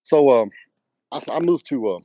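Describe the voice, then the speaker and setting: A middle-aged pro bodybuilder from West Texas, speaking with a Texan accent, rambles through stories packed with fillers as a guest in a casual interview, acting out the dialogue he quotes. His voice is mid-range and dark-toned, with lively intonation and a moderate pace. The recording has no room sound.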